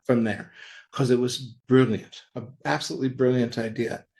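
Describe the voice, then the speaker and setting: With a medium-pitched voice marked by vocal fry and a normal speaking speed, a man in his seventies tells anecdotes as a guest on a comics interview show. A longtime comics industry figure, he lively acts out dialogue in quotes. The audio is poor.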